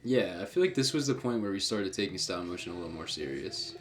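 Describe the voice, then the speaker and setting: A man's voice: sits low, sing-song, quick pace. A man in his thirties co-hosting a casual video commentary, laid-back and slangy. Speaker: co-host and video creator.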